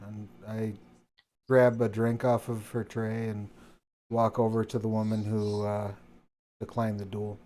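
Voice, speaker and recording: Playful man, unhurried player. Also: on the low side, completely flat delivery, dark tone. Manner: playful, theatrical. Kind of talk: playing a tabletop game.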